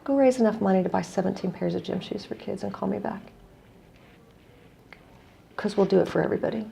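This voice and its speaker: A middle-aged woman from the United States tells a heartfelt story as a guest, reflective and earnest. Her voice is deeply gravelly with a mellow, dark tone. Faint noise hums underneath. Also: brisk. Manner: earnest, reflective storyteller, quoting others in dialogue. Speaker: guest, non-profit executive director. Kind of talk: conversational storytelling.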